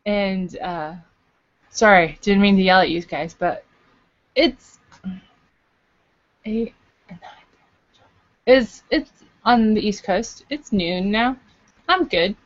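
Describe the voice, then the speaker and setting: A woman's voice: mid-range voice, expressive, slow, pauses often, lo-fi sound. A woman from Canada chatting casually to camera in a video blog, rambling with fillers and playful asides. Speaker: vlogger. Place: at home in Los Angeles.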